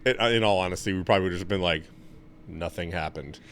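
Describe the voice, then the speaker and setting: A young man in casual podcast chat, telling stories with lots of swearing and getting loud when he's excited. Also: fast, a little hiss or hum. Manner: animated, swears a lot, gets loud and high when excited. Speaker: podcast co-host.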